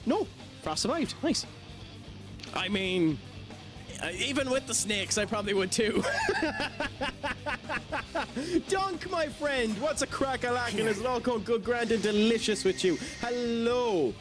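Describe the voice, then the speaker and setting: An Irish man streams a video game with game music playing, giving live commentary and chatting with viewers. He laughs often and swears as he reacts, his voice high at a normal speed.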